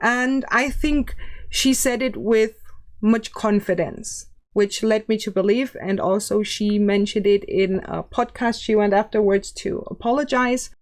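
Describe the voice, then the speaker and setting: A woman's voice: medium pitch, steady tone. Plain-spoken woman YouTube commentator. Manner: measured, plain-spoken critique. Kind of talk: casual commentary.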